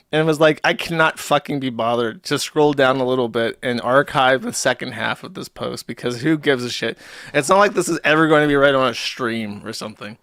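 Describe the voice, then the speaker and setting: A man riffs sarcastically on a livestream in a bright, forceful voice that sits a little high. His tone is mocking and sardonic, with frequent swearing. The recording is close and dry. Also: dry recording. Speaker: livestream host.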